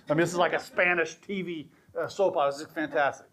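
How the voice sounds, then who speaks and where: Guy preaching a sermon, kinda high voice, animated storyteller, keeps repeating words. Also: fast talker, few pauses.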